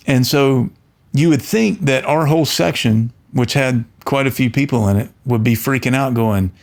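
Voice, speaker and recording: Speaking at a normal speed with a medium-pitched voice, this middle-aged man, an audio engineer and channel host, tells an earnest story casually to camera. He keeps restarting his words and animates the voices he quotes.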